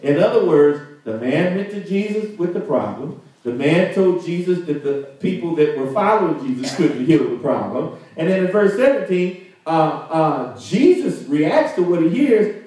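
A man's voice: high voice, lively intonation, unhurried, mellow. A male pastor preaching a conversational sermon, drawing call-and-response from the congregation and laughing often. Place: church sanctuary. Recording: very echoey room, mic at a distance.

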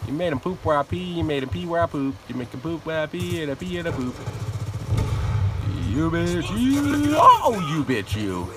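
A man streams a shooter game and comments as he plays, swearing freely and trash-talking the other players. His pitch swings widely as he talks, and a steady noise runs under the recording. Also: fairly quick. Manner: profane, animated trash talk. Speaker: live streamer. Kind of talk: casual gameplay commentary.

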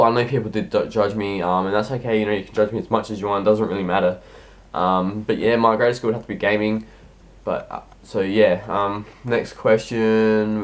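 Casting: teen boy, lowish voice, sick, halting vlog answers full of ums. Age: teens. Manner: rambling, hesitant, heavy with ums and restarts. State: sick, coughing. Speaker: YouTuber answering viewer questions. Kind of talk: casual Q&A vlog.

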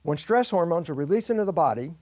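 An older man with a fairly high voice talks through a science explanation as an interview guest. He acts out his own questions and answers in a lively storytelling way. The sound is close and dry, with no room around it. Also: fast, dry recording. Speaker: guest expert.

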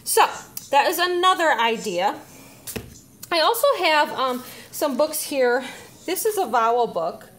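A woman teacher casually demonstrating reading activities, slightly out of breath, pausing often with "um". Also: sits high, expressive, fairly bright tone, slight background noise. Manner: chatty, with frequent "um" pauses while handling letters.

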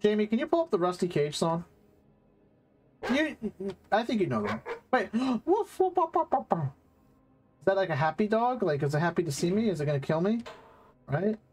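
A man's voice: sits high, big pitch swings, moderate pace, pauses often, darkish tone, a little hiss or hum. A young man playing a video game on stream, casually chatting, swearing often and cooing at an in-game dog. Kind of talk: casual let's-play commentary.

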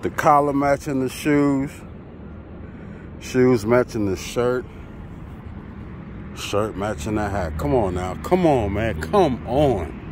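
A chatty man talks to his viewers from outside beside his rig, drawing his words out at an easy pace. His pitch swings up and down with lively energy. Faint vehicle noise hums in the background. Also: slow pace, long pauses. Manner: laid-back, chatty, talks straight to viewers. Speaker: truck driver vlogger. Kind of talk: casual vlog talk to camera. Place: outdoors by a truck at a loading site.

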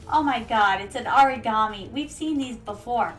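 High-voiced playful woman streamer. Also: normal speed, a bit bright, soft background music. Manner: playful, theatrical, calls viewers "my darlings". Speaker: VTuber streamer. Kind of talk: casual gameplay commentary.

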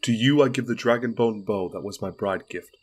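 Reading an audiobook, a man with a low, husky voice takes the role of a young queen who is resolute and commanding, speaking in measured, solemn declarations.

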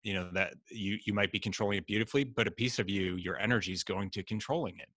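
A man's voice: lowish voice, fast, no room sound, studio quality. A middle-aged man telling personal stories in an earnest, reflective way as a podcast guest, now and then acting out what others said. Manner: earnest, reflective, quotes others in lively asides. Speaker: podcast guest, life coach. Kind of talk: candid conversational storytelling.

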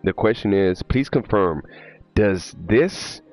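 A man's voice: fairly low pitch, lively intonation, takes it slowly, darkish tone. A man livestreaming a horror game, chatting loosely with viewers, swearing and sounding jittery. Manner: loose, profane, jittery, talks to chat. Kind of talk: casual live gameplay chat.

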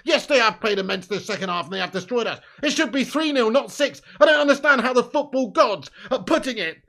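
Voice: mid-range voice, expressive, a little fast, pushed and bright. A football fan on a live watchalong, giving sweary, bitter commentary.

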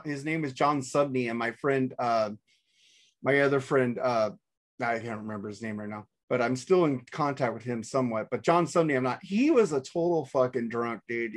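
A man's voice: medium pitch, lively intonation, moderate pace. A man co-hosting a casual podcast, rambling through a story, cursing freely and restarting his sentences. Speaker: podcast co-host. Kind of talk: casual chat.

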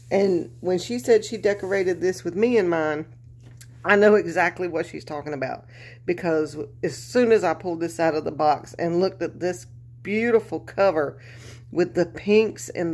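A woman with a drawl gushes over a gift in a casual craft video. Her voice sits a little low and turns teary and emotional as she thanks her viewers. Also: darkish tone. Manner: gushing, emotional, Southern "y'all". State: near tears. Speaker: craft vlogger.

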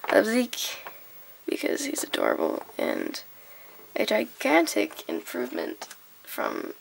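A young woman vlogger, sick and hoarse, chatting in a rambling, scattered way and giggling as she loses her train of thought. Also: medium pitch, wildly swooping pitch, slow pace, a little hiss or hum, rough recording. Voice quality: gravelly. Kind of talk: casual chat.

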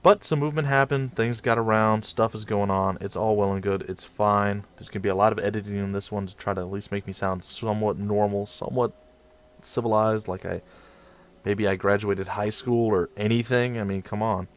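Rambling man narrating gameplay, low voice. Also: steady tone, brisk. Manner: rambling, stumbling over words. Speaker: let's play host. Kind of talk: casual gameplay commentary.

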